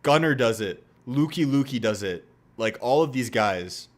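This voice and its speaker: A man's voice: mid-range voice, animated, normal speed. A man chatting casually on a livestream, joking and reacting to clips. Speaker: streamer.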